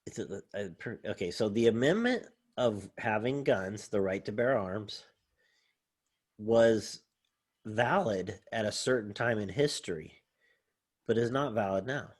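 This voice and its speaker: A man's voice: on the low side, expressive, measured pace. A man, a college English professor, giving a casual, rambling recorded lecture while sharing his screen, thinking aloud with many fillers.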